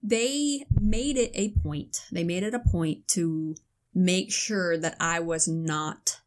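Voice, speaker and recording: Rambling Connecticut woman, low voice. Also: slow. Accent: Connecticut, American. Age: 20s. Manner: rambling, many likes and restarts. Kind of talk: casual chat.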